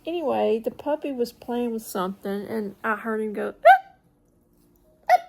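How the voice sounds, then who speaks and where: A woman's voice: a little high, normal speed, vocal fry, noisy background. A woman chatting casually to camera at home, rambling, trailing off and slipping into whispered asides. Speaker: vlogger. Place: at home in front of a mirror.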